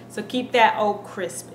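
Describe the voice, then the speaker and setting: A woman giving a casual pronunciation lesson, speaking earnestly and slowly repeating each sound to demonstrate it. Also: medium pitch. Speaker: Spanish pronunciation teacher. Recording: echoey room with faint background hiss.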